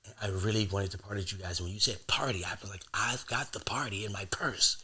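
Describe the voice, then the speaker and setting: A man voicing an apologetic young woman pleading softly as he retells a story. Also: fairly low pitch, fast talker, breathy edge.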